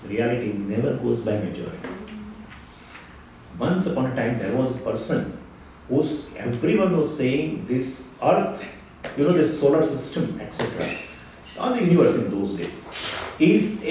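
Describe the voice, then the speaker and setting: Animated man teaching in an echoey hall. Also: medium pitch, moderate pace, distant mic. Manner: animated, rhetorical questions, repeats phrases. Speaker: Vedanta teacher. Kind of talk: spiritual lecture. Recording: echoey hall, speaker away from the mic, faint noise.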